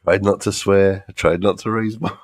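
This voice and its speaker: A man's voice: sits low, fairly even intonation, normal speed, no echo. A man hosting a live stream, giving sarcastic, mocking commentary to his audience over played clips. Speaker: livestream host.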